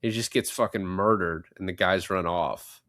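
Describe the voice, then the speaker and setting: A man's voice: deep voice, normal speed, dry recording, studio quality. A young man on a casual podcast, retelling a film scene by scene, swearing freely and acting out the characters' lines. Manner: animated retelling, swears a lot, acts out lines. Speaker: podcast co-host. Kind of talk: casual movie recap chat.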